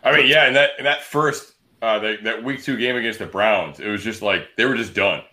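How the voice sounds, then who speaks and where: A man's voice: fairly low pitch, brisk, sharp tone. A man hosting a casual sports podcast, talking in a loose, rambling way with many restarts.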